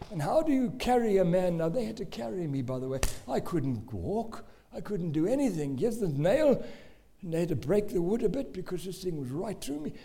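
Emphatic South African preacher, high mellow voice. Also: male voice. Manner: emphatic, storytelling with exclamations. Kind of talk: sermon.

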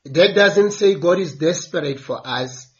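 A man's voice: fairly high pitch, unhurried, a bit bright, highs cut off. A man preaching a sermon, earnest and building emphasis through repeated phrases.

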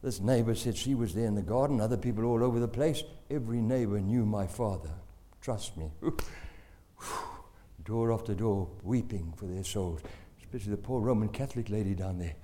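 A man preaching through a personal story, animated, with laughs and asides. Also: fairly low pitch, moderate pace. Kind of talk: testimony storytelling.

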